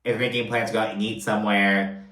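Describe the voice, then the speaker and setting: A man's voice: fairly low pitch, little pitch movement, fast talker, a bit bright. Chatty profane man in a roomy space. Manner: chatty, profane, filler-heavy. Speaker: reality TV recap host. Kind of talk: casual commentary. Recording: roomy echo.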